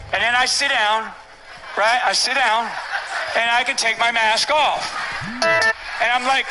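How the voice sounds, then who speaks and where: A man's voice: very high voice, poor audio. An older man speaking from a stage at a public event, emphatic and repetitive, often tagging lines with "right?". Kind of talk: rally speech.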